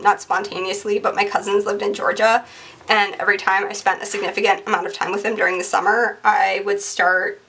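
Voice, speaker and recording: Rambling chatty young woman, bright and gravelly. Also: mid-range voice, recorded from a distance. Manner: rambling, chatty, lots of fillers. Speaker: planner vlogger. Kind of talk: casual chatty narration over crafting.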